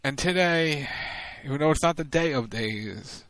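A man's voice: a little high, lively intonation, unhurried, a bit bright, no room sound. A man hosting a live talk show as its producer, chatting and plugging links. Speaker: producer and host.

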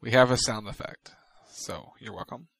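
A man's voice: fairly low pitch, moderate pace, creaky, a bit bright, no echo. A man hosting a live talk show as its producer, chatting and plugging links. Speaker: producer and host.

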